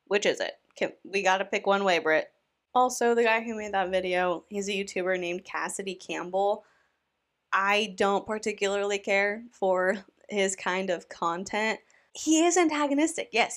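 Woman giving casual online commentary. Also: mid-range voice. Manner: conversational, opinionated, with restarts. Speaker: commentary YouTuber.

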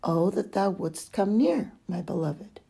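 A woman reading devotional letters aloud in a fervent, drawn-out way, with hushed passages. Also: mid-range voice, lively intonation, gravelly, breathy edge. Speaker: reader.

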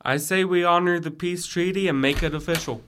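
A man's voice: high voice, fairly quick, fairly bright tone, slight background noise. Young guy doing a sarcastic frat brother, dry jokes, student radio play. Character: wry young male frat brother Jimmy. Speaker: student actor in audio drama. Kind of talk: college audio theater acting.

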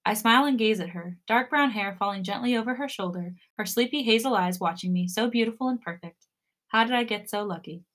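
Gentle woman narrating a romance story. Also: medium pitch, a little fast. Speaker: podcast story reader. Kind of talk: first-person fan story narration.

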